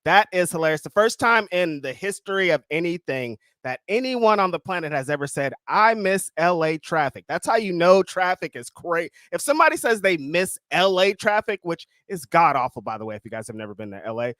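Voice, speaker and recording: A man co-hosting a casual livestream podcast, chatting in a lively, joking way. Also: a little high, fairly quick, hardly any pauses, dry recording, studio quality. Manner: lively, laughing banter. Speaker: podcast co-host.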